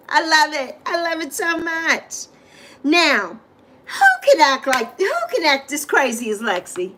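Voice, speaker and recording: A woman's voice: high-pitched, expressive, moderate pace, a bit bright, a little hiss or hum. A middle-aged woman hosting a livestream, talking to viewers in an effusive, emotional, repetitive way into a microphone. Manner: speaks directly to viewers. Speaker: livestream host. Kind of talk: heartfelt livestream chat. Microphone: desk microphone.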